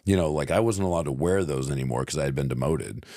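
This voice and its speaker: Very deep-voiced man, halting casual talk. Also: mellow, dry recording, clean studio sound. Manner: halting, searches for words, swears casually. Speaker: podcast co-host. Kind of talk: casual conversation.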